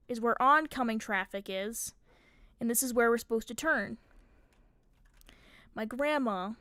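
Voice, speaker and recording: A woman's voice: on the high side, a bit bright, no room sound. A young woman streamer telling a story casually and with animation, swearing often as she goes.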